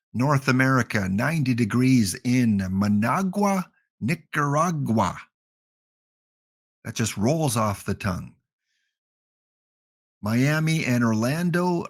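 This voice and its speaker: A man with a Canadian accent hosting a gaming livestream, chatting casually with jokey, rambling asides. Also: mid-range voice.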